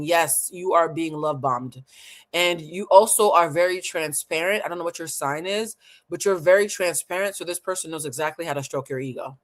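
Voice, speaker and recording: A woman giving a live-stream tarot reading, animated, blunt and playful, talking to viewers in casual slang and laughing often. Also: low voice, moderate pace. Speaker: tarot reader.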